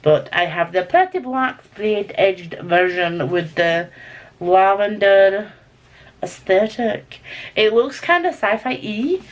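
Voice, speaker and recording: Excitable Scottish woman chatting about books. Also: mid-range voice, slow pace. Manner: chatty, excitable, rambling with gasps and exclamations. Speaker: book vlogger. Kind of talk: casual chat to camera.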